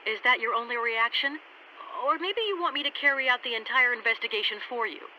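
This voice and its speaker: An actress playing a frightened, impatient young female scholar in a video game, high-strung and sharp-tongued. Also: brisk, close to an everyday voice. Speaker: game character. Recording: dull lo-fi game audio, faint hiss.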